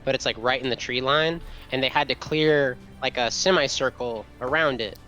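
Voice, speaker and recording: A man's voice: mid-range voice, normal speed, pushed and bright, muffled recording, faint music behind. A man narrating a tabletop game as game master, rambling with many fillers and restarts.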